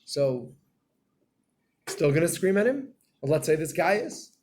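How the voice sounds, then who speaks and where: A man giving a Torah class in a storytelling way, acting out scenes and getting loud and animated. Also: on the high side, unhurried.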